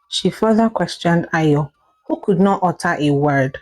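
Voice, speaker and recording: Nigerian lady reading a story slow, lowish mellow voice, soft music behind. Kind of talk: scripted story narration.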